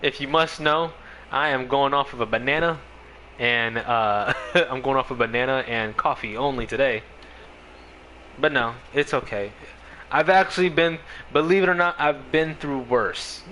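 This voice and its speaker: A male streamer chats casually with his viewers in a bright, forward voice. He rambles, leans on fillers such as "like" and "you know", and laughs often. Faint background noise sits under his speech. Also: medium pitch, moderate pace, poor audio. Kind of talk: casual chat on a game stream.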